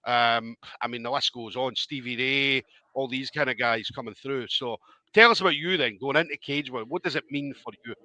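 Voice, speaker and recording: A man's voice: medium pitch, moderate pace, bright, forceful tone. A man interviewing a fighter in a chatty way, often saying "obviously" and "do you know what I mean". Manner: chatty, leans on 'obviously' and 'do you know what I mean'. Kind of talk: casual interview chat.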